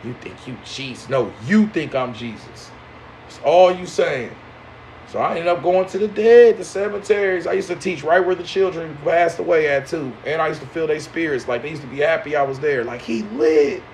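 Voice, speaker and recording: A man with a fairly high voice preaches in to a live audience. He talks in slang, swinging between loud outbursts and low mocking asides. A faint hum of ambience sits behind him. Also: moderate pace. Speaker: spiritual teacher.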